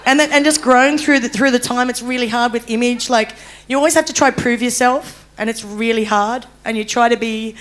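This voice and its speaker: A woman's voice: on the high side, brisk, a bit bright. A young Australian woman telling her own story on a discussion panel, candid, laughing often and turning tearful.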